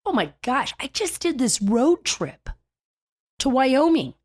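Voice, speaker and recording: A woman hosting a casual talk show, chatty and animated, telling stories with big swings in her voice. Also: high-pitched, takes it slowly.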